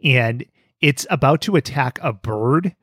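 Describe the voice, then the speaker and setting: A man hosting a casual podcast, telling a cartoon plot with lively storytelling and frequent laughter. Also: medium pitch, a little slow, husky, no room sound, studio quality. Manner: animated storytelling, laughs often. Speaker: podcast host. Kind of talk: casual cartoon recap chat.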